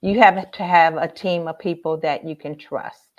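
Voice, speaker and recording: A woman in real estate calmly explaining what happened in a matter-of-fact way. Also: sits low, normal speed, muffled recording. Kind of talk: casual explanation.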